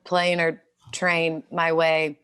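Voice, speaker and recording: A woman's voice: low voice, monotone, extremely slow, fairly bright tone, clear, resonant tone. A young adult woman co-hosting a casual podcast chat, swearing freely, laughing and rambling through her stories. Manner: profane, laughing, rambling storyteller. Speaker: podcast co-host.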